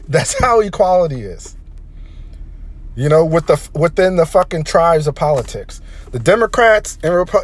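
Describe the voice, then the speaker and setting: A man delivering a heated, profanity-laden opinion rant as a vlogger. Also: on the high side. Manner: heated, profane, emphatic ranting.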